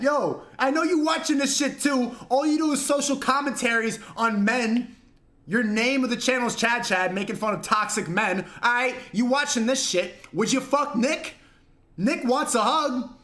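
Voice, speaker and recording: A man streaming live, ranting and mocking at his chat with loud, profane outbursts. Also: extremely high pitch. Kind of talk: livestream rant to chat.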